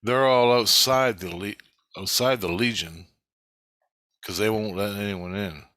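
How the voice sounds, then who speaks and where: A vlogger tells a first-person story of his spiritual experiences, profane and restless, often abandoning and redoing sentences. His voice is on the low side, pushed and bright, a little slow, with no room sound.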